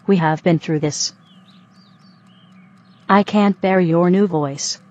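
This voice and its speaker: Woman voicing a stilted female robot, flat and formal, lowish voice, slightly dull lo-fi sound. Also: slow. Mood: stiff. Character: stiff female robot leaving her partner.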